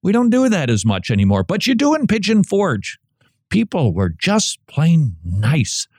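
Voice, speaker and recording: A man hosting a talk radio show, delivering a jokey, animated monologue and acting out bits of quoted chatter. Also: on the high side, unhurried, no echo, studio quality.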